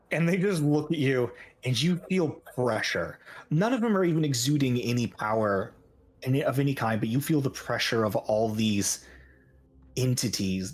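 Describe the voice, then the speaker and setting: Male game master, steady scene-setting narration. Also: mid-range voice. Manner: descriptive, unhurried narration.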